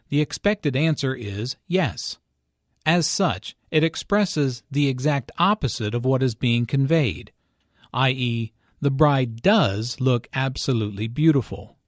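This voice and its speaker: Man, language lesson narrator, unhurried, explanatory, dry recording. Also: mid-range voice, no echo. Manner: slow, deliberate explanatory reading.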